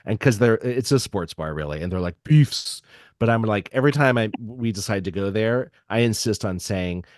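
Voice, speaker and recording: A man's voice: on the low side, a little fast, no echo, clean studio sound. A man co-hosting a casual chat, talking in a hesitant way with many ums and restarts. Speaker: podcast co-host.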